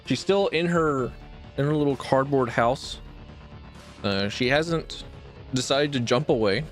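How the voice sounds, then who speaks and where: A man streaming a game, rambling casually and jumping into excited high yelps. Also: unhurried, faint music behind. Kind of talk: let's play commentary.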